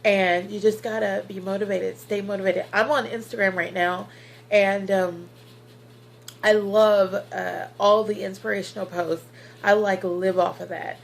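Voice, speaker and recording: A gravelly, medium-pitched female voice with little pitch movement comes through a rough recording with slight background noise, speaking a little slowly. The speaker, a vlogger in her thirties, talks earnestly about losing weight, encouraging her viewers with many fillers and occasionally growing tearful.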